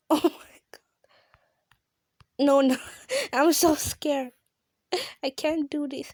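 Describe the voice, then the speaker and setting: A high, excitable female voice narrating a mobile game, full of gasps and exclamations and now and then slipping into a whisper. She talks unhurriedly and straight to her viewers, recorded close and dry with no room sound. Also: takes it slowly, pauses often, dry recording. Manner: drops to a whisper at times. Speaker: gaming channel host. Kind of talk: excited let's-play commentary.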